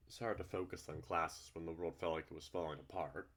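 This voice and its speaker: A deep-voiced man narrating a visual novel and breaking off into exasperated commentary. His remarks come out blunt and sweary, a read-through peppered with frustration. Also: fairly even intonation, fairly quick, fairly bright tone. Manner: exasperated, profane outbursts. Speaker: let's-play host reading a visual novel.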